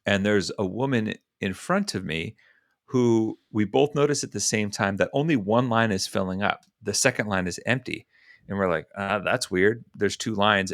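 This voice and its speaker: Podcast co-host, young adult man, lively storyteller who acts out quotes, dry close mic. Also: lowish voice, no echo. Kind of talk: animated storytelling in casual chat.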